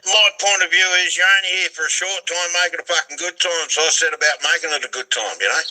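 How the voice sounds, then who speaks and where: An Australian man in his sixties talks casually in a blunt, laconic way, swearing freely as he spins his yarns. His voice is very bright and forceful, sitting a little high. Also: fast, rough recording. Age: 60s. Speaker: guest. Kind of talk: casual chat.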